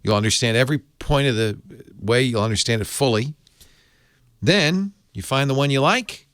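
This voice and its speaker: A man hosting a tech podcast, reading a lively sponsor pitch and chatting casually with playful asides into a studio mic. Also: moderate pace, smooth, no echo. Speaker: podcast host. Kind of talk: ad read and casual chat.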